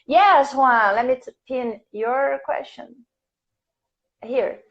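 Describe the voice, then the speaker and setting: Woman, native Portuguese speaker, slow patient English teacher, higher voice, dull lo-fi stream. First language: Brazilian Portuguese. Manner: patient, repeats questions slowly for learners. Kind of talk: live online English lesson.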